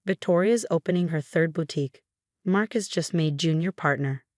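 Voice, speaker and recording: A woman narrating voicing a condescending middle-aged mother with mock concern, in a low voice. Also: moderate pace, darkish tone, dry recording, clean studio sound, lightly acted. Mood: patronizing.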